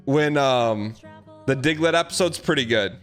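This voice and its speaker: A man in his thirties, a streamer telling a rambling, animated story in casual chat with comic exaggeration. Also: medium pitch, measured pace, faint music behind.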